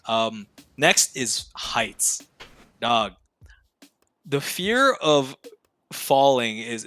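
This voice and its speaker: A man's voice: mid-range voice, pushed and bright, no echo. A young man, a streamer guest on a podcast, talking casually with heavy profanity and slang, laughing often.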